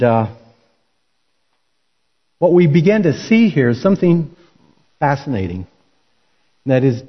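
A man's voice: mid-range voice, breathy edge. A man preaching a sermon, telling the story in a folksy, conversational way. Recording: dull lo-fi recording.

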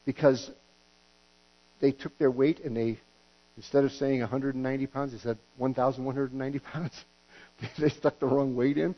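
A man's voice: medium pitch, fairly even intonation, normal speed. A middle-aged man preaching a sermon as pastor, folksy and joking, with stumbling restarts and acted-out quotes. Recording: dull lo-fi recording with hum.

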